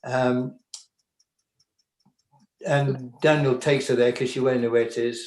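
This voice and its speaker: British guy talking slow and careful, lots of restarts, echoey room. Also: medium pitch, level tone, a little mellow, a little hiss or hum. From Britain. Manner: hesitant, thoughtful, many restarts. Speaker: filmmaker guest. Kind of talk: conversational talk. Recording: roomy echo.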